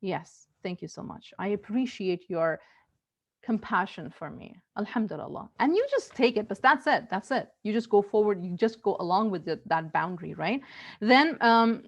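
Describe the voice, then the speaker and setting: A woman's voice: mid-range voice, animated, moderate pace. A woman giving earnest parenting advice in casual talk, often repeating herself and restarting her sentences. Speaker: parenting coach.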